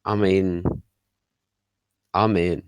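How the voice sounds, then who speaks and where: A man's voice: sits low, little pitch movement, drawn-out words, darkish tone, clear, resonant tone, dry recording. A man playing a tabletop game, jumping in eagerly and joking with the others. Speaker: player.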